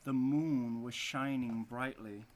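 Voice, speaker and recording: Slow-talking Brazilian English teacher. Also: male voice, mid-range voice. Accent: Brazilian Portuguese. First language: Portuguese. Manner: relaxed, explains words as he goes. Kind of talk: reading a story aloud with explanations.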